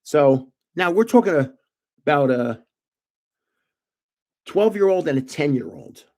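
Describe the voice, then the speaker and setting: Older man, slightly high voice, rambling, chuckling, casual storyteller. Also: expressive, slow, darkish tone. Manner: meandering, chuckles at his own stories. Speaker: host of a trading card livestream.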